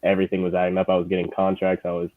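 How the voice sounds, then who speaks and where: A man in his twenties, a guest lead manager, talking in a relaxed, halting way with many fillers. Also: low-pitched, slight background noise. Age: 20s. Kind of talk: casual chat. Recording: tinny phone-like call audio.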